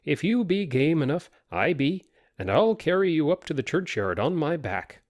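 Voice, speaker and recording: A man voicing a big, bold young Irish sailor who speaks up loudly. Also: a little high, sing-song, moderate pace, voice pushed up.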